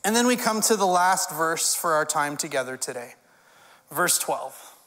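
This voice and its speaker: A man's voice: a little high, expressive, moderate pace, pushed and bright. A male pastor preaching a sermon in a conversational way, with wry humorous asides. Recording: long hall reverb.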